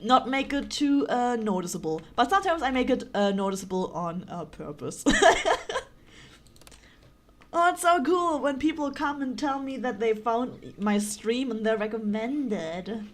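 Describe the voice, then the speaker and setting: A woman's voice: on the high side, lively intonation, normal speed, hardly any pauses. A woman from Germany with a German accent, streaming a game with playful, giggly commentary and frequent swearing. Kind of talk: casual gaming commentary.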